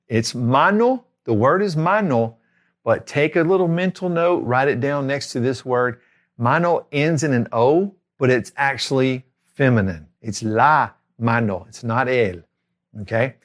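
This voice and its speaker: Language tutor, man, middle-aged, slow steady delivery, repeats every word twice. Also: mid-range voice. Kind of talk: spoken language lesson.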